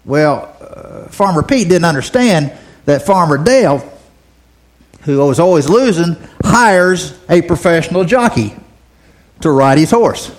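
A man's voice: a little high, expressive, a little slow. A man teaching a Bible lesson, telling a folksy story and often repeating words as he talks. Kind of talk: sermon.

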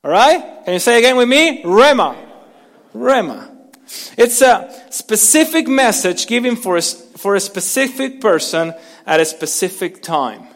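A man preaching from the pulpit with a high, carrying voice, his words ringing out in a long hall reverb. He moves between forceful emphasis and soft, hushed lines, and he has the congregation repeat words back to him. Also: sing-song, measured pace. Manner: dynamic preaching, drops to soft near-whispers for emphasis. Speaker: pastor. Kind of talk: sermon.

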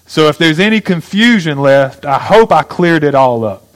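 A man's voice: fairly high pitch, lively intonation, unhurried, poor audio. A man preaching a sermon, teaching step by step and asking his listeners questions. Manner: teaching, asks the audience questions. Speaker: pastor.

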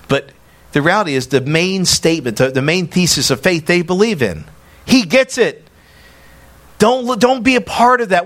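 A man preaching a sermon as a pastor, animated and emphatic, acting out quoted dialogue. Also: sits high, normal speed.

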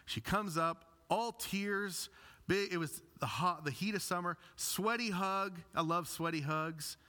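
Bright-voiced, animated male pastor preaching. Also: high-pitched, unhurried. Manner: animated storytelling with self-deprecating humor. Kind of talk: sermon.

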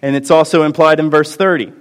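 A man's voice: on the high side, steady tone, fairly quick. A man preaching a sermon as pastor, earnest and building to impassioned emphasis. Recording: long hall reverb.

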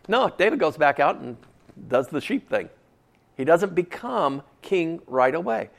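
A man's voice: a little high, big pitch swings, a little slow, gravelly. A man preaching a sermon in a folksy, conversational way, full of casual asides.

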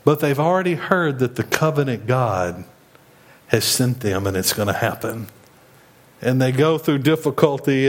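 A man preaching a sermon in a conversational way, retelling the story and acting out the speakers he quotes. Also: mid-range voice. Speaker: pastor.

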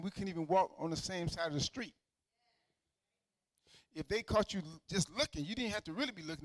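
Male pastor, slightly high voice, conversational sermon storyteller that swells to emphatic preaching, dry close sound. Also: no room sound, poor audio.

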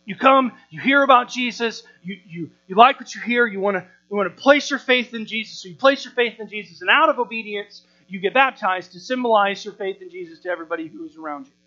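A pastor in his thirties delivers a sermon with a bright, forceful voice, animated and full of rhetorical questions and repeated words. The recording is dull and lo-fi, with a mains hum underneath. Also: sits high, fast talker, few pauses.

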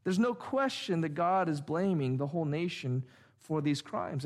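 A middle-aged man delivers a sermon in a slightly high voice. He reads scripture aloud and then explains it with emphatic, rhythmic repetition. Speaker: pastor.

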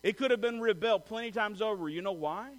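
A man preaching a sermon as a pastor, telling stories and acting out quoted voices, swinging from loud to soft. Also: sits high, a little fast.

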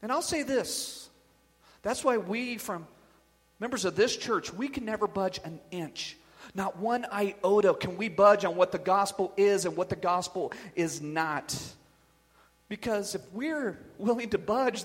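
Male pastor, emphatic sermon delivery with loud bursts, high voice, echoing church hall. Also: unhurried. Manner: emphatic preaching, rising to loud bursts on key phrases. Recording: long reverb of a large hall.

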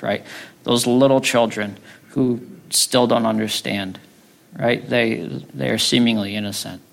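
Gravelly-voiced man preaching a sermon. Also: mid-range voice. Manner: conversational teaching, frequent tag questions. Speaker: pastor.

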